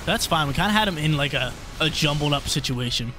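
Excitable young man commentating his gameplay. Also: fairly high pitch, brisk. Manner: excitable, thinks aloud, repeats phrases. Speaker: gaming YouTuber. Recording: faint background music.

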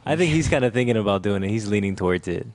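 A man's voice: lowish voice, animated, very fast, darkish tone, no room sound. A man appearing as guest on a radio advice show, easygoing and chatty, giving his take on callers. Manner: easygoing, laughs along. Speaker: guest co-host. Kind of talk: casual advice chat.

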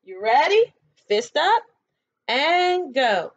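A woman teaching a remote preschool lesson, using sing-song call-and-response prompts and slow counting, recorded on a laptop webcam at home. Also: on the high side, animated. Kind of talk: remote lesson for young children. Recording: dull lo-fi webcam audio.

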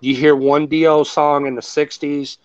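A man's voice: a little high, measured pace, no room sound. Profane rambling man, dull lo-fi sound. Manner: rambling, profane, animated storytelling. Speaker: host. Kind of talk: casual chat.

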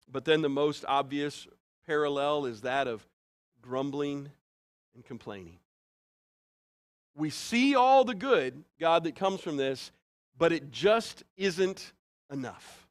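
A man preaching a sermon to a congregation. He talks in an earnest, conversational way and swings between loud rises and soft, quiet drops. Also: on the high side, animated, takes it slowly, long pauses. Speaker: pastor.

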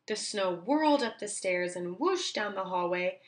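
A woman teacher reading a children's book aloud, slowly and clearly for young children. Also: medium pitch, animated, fairly bright tone.

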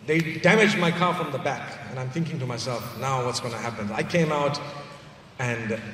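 A man giving a sermon, telling a personal story in a lively way and dropping low for asides. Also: slight background noise. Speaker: preacher. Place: large hall. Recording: echoey hall recorded from far off.

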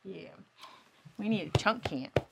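A woman hosting a casual livestream from her bed. She switches from loud, high baby-talk with her dog to low, relaxed chat. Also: normal speed. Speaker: streamer host. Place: bedroom, indoors. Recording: noisy home stream audio.

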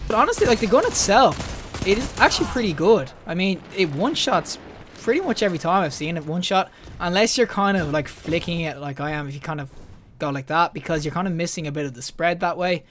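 A young man giving excitable live commentary over his own gameplay, yelping and laughing when things go wrong. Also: sits high, brisk, slight background noise. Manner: excitable, yelps and laughs at deaths. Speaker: gaming YouTuber.

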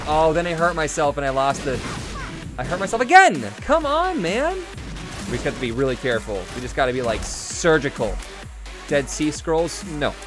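A young man commenting on his own game run, excitable, swinging from quick mumbles to loud whoops and swearing freely. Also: mid-range voice. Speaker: gaming YouTuber. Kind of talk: Let's Play commentary. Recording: game music playing behind.

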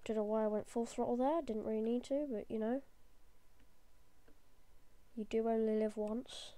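A woman giving chatty, jokey let's play commentary, easily excited. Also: fairly high pitch, normal speed, no room sound. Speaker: gamer.

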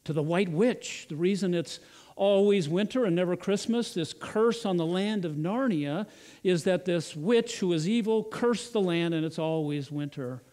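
A male pastor retells a children's story as part of a sermon. His voice sits a little high for a man, and he often repeats and restarts words as he goes. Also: moderate pace, dark tone.

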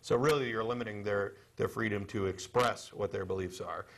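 A man with a fairly low voice co-hosts a cable access TV discussion. He talks carefully and haltingly, pausing on "um" and restarting his sentences as he works through a point in the studio. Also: steady tone, gravelly, fairly bright tone. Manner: measured, halting, many fillers and restarts. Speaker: TV show co-host.

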